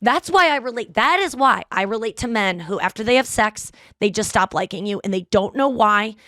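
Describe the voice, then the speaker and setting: A woman in her thirties hosts a podcast and tells stories in a loose, chatty way. She swears freely and jumps into quoted voices with big swings in pitch. Her voice is recorded close and dry, with no room sound behind it. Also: fairly quick, dry recording. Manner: animated, profane, acts out quoted lines. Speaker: podcast host. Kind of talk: casual storytelling chat.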